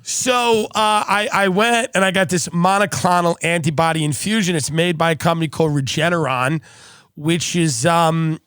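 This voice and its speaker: A man's voice: fairly high pitch, normal speed, a bit bright, clear, resonant tone, no room sound, clean studio sound. A man hosting a comedic podcast, telling stories in a sarcastic, riffing way with frequent laughs. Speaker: podcast host.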